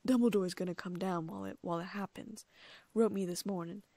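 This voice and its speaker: A gruff, trembling half-giant gamekeeper, as a woman reader puts him on, urgent and rough in an audiobook scene. The voice is gravelly and husky, set close and dry. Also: lowish voice, steady tone, a little fast, mellow, dry recording.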